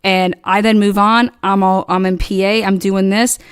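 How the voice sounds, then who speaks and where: A woman's voice: mid-range voice, flat delivery, normal speed, clean tone, no echo. A woman hosting her own channel, delivering a heated, profane, combative rant at her critics. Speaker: channel host. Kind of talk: angry livestream rant.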